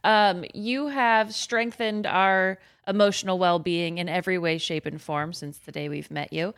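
A woman's voice: lowish voice, steady tone, a little slow, smooth. A woman co-hosting a podcast, chatting casually in a bubbly, enthusiastic way. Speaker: podcast co-host.

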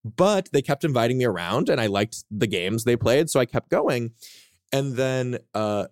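Young man, podcast guest, blunt and profane storytelling, mid pitch, dry close sound. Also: expressive, moderate pace, no echo. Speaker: guest author. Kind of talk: casual podcast chat.

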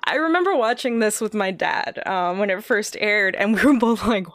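A woman's voice: mid-range voice, animated, moderate pace, a bit bright, no echo. A woman co-hosting a casual podcast, telling eerie stories with frequent laughs. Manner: giggly, storytelling. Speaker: podcast co-host. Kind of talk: casual chat.

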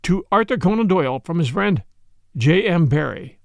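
Theatrical male storyteller, gravelly voice. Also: sits high, normal speed, no echo. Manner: expressive, theatrical reading. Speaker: podcast reader. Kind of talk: scripted storybook narration.

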